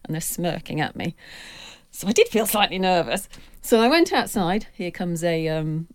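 Lively woman storyteller, low voice, dry sound. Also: normal speed, no echo. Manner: lively storyteller who acts out quoted voices. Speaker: football writer and podcast panellist. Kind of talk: anecdotal storytelling on a podcast.

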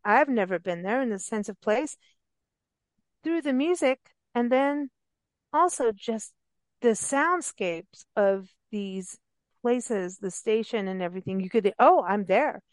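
A woman hosting a radio interview, talking in an enthusiastic, rambling, chatty way with quick laughs. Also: fairly high pitch, expressive, dry recording. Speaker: radio show host. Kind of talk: casual interview chat. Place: travel and parks radio show.

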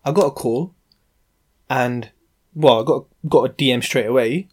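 A man hosting a podcast, ranting in an animated, sarcastic and exasperated way. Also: mid-range voice, measured pace, pauses often. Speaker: podcast host, property investor. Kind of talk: casual ranting monologue.

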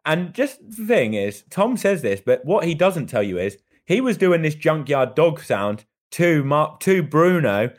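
A man's voice: on the high side, sing-song, measured pace, few pauses. A man co-hosting a podcast, telling stories animatedly and giving blunt opinions in casual chat. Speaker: podcast co-host.

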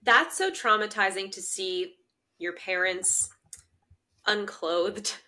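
A woman co-hosting a podcast, chatting casually, reacting quickly and laughing often as she recaps an episode. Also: medium pitch, pushed and bright. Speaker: podcast co-host.

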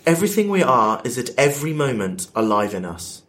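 A playful man hosts a casual podcast chat, reading out quiz questions with an easy, joking manner. His voice sits at an ordinary middle pitch, and he laughs often between lines. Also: sing-song, a little fast, a bit bright. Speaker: podcast host running a quiz.

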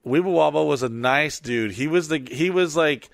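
A man's voice: fairly high pitch, normal speed, creaky, no echo. A man hosting a casual talk show, swearing freely and throwing in mocking voices for people he describes. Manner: profane, animated, mock voices for people. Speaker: podcast host. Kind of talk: casual chat.

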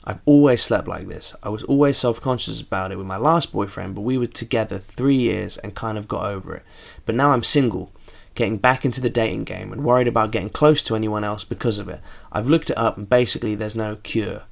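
A man's voice: fairly low pitch, fairly quick, vocal fry, few pauses. A man co-hosting a comedy podcast, casually bantering and reading listener letters aloud. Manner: wry, banters, reads out letters. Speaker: podcast co-host.

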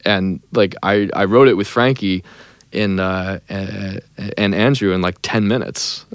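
A young man, a songwriter and singer, telling a story in a casual interview, lively and animated, dropping into sung snippets. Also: low voice, unhurried, smooth, dry recording, clean studio sound. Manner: animated, breaks into sung snippets and acted quotes.

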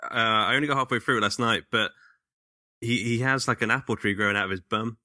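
A man's voice: mid-range voice, fast talker, bright, forceful tone, no room sound, studio quality. A British man hosting a podcast in a chatty way, laughing easily as he talks. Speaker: podcast host. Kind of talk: casual podcast chat.

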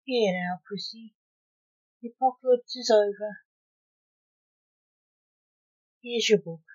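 A woman reading the part of a blunt male coroner who is a grandfather, in slow, evenly read lines. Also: a little high, darkish tone, lightly acted. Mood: gentle. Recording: dull lo-fi recording.

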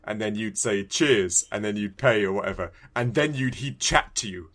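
A man's voice: lowish voice, moderate pace. Chatty British man, laughing often. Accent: British English. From Britain. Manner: animated, laughing often, repeats words. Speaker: podcast co-host. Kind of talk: casual chat.

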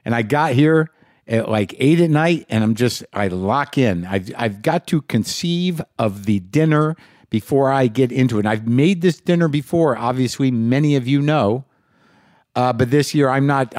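A man's voice: medium pitch, expressive, a little mellow, dry recording, clean studio sound. Rambling, profane man hosting a podcast. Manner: rambling, rapid-fire questions, profane. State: punchy and short on sleep. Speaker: podcast host. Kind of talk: casual monologue.

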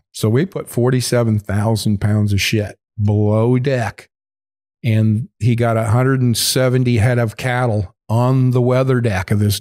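Casual male raconteur, profane, rambling, chuckles through lines, mid pitch. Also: dark tone. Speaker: podcast guest. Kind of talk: casual storytelling.

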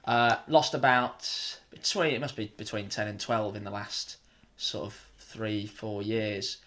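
A young man co-hosting a casual chat, chatty and quick to react with exclamations. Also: lowish voice, fairly even intonation, pushed and bright. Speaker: podcast co-host.

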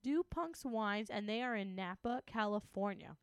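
Woman cohosting a chill podcast, chatty and jokey, smooth clear voice, dry close mic. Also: medium pitch, lively intonation, moderate pace, dry recording. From Greek heritage, US. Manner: chatty, laughs easily, playful asides. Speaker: podcast co-host. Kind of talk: casual chat.

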